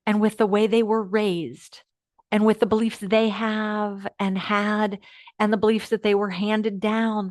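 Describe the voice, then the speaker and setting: A woman hosting a live online class, guiding listeners through affirmations in a coaching manner that moves between hushed and lively. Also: medium pitch, dry recording, studio quality. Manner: warm coaching, swings from hushed to animated. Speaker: host of an uplift program.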